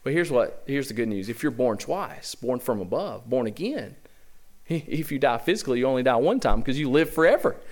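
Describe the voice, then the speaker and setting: A man's voice: medium pitch, animated, normal speed, darkish tone. A man preaching a sermon to his church as senior pastor, with a Southern American accent and an emphatic style built on rhetorical questions. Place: church sanctuary.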